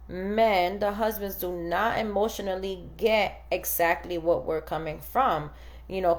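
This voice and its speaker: A woman in her thirties hosting a casual chat, telling stories animatedly and acting out quoted dialogue. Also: on the high side. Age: 30s. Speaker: podcast host.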